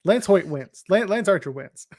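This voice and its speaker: A man's voice: sits high, expressive, moderate pace, darkish tone, dry recording, studio quality. A man co-hosting a wrestling podcast, recapping matches in a wry, joking, rambling way. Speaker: podcast co-host. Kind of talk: casual wrestling chat.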